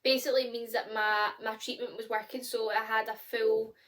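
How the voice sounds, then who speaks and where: A young woman with a Scottish accent talks casually to her camera, filling her speech with fillers. Her voice sits a little high and sounds bright and forceful. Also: fairly quick. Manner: chatty, many fillers, candid and expressive. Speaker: vlogger.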